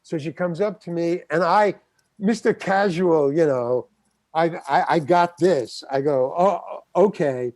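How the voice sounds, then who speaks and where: A man's voice: on the high side, unhurried, a little mellow, dry recording. An older man, a guest actor, telling a story in an interview and acting out the quotes. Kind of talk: anecdotal storytelling.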